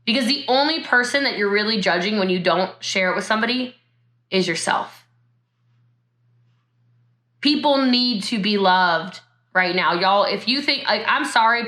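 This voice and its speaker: Bright, fervent woman. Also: mid-range voice, lively intonation, moderate pace, reverberant. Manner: emotional, laughing, talks straight to viewers. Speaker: network marketing speaker. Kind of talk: motivational talk. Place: her home. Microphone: video call.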